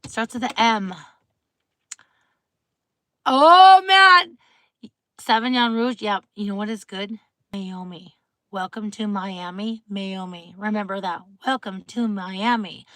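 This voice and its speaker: A woman's voice: mid-range voice, takes it slowly, a bit bright, no echo. A middle-aged woman hosting a late-night live stream from home, chatting and rambling casually with viewers and greeting them by name. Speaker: livestream host.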